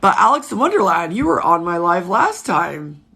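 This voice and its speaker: A woman's voice: on the low side, big pitch swings, normal speed, gravelly, pushed and bright, husky. A woman in her thirties hosting a casual livestream, talking frankly and emotionally, swearing freely and greeting viewers by name. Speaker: livestream host.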